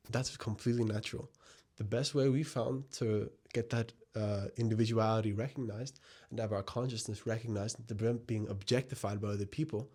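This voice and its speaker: A man's voice: on the low side, darkish tone. Earnest young man musing on the mind. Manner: earnest, reflective, direct advice to viewers. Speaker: video essayist. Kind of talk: casual spoken essay to camera.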